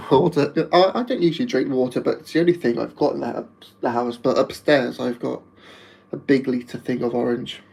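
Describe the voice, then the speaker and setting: A man's voice: medium pitch, creaky, a little mellow, poor audio. A man with a Wolverhampton accent chatting casually on a live stream, rambling and laughing often.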